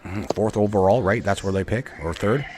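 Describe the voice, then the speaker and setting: A man with a very low voice hosts a late-night sports chat with callers. He talks casually and hesitantly, often restarting his sentences. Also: brisk, music in the background. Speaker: stream host.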